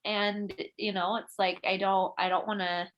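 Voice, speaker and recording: Young woman, medium pitch, hesitant, lots of filler words, reflective sharing, video call. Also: flat delivery, moderate pace, muffled recording. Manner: hesitant, many fillers and restarts. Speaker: book club member.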